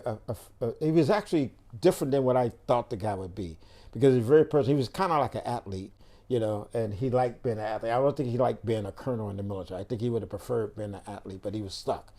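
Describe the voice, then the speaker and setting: An older man, a podcast guest, telling a story casually and acting out the dialogue. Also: mid-range voice. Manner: animated storyteller who acts out quoted dialogue.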